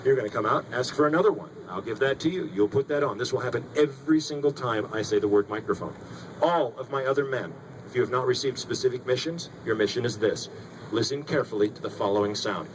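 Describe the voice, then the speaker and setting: A stage hypnotist with a medium-pitched voice talks fast, delivering commanding, theatrical suggestions and teasing the volunteers beside him. It's hypnosis show patter from a school auditorium stage, captured in a noisy live recording with the audience audible.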